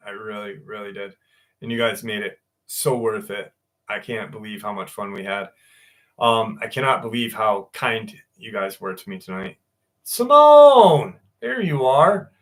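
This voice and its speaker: A man's voice: fairly low pitch, a bit bright. Chatty man signing off a live stream. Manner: loose and chatty, swears and laughs easily. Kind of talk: casual sign-off chat with viewers.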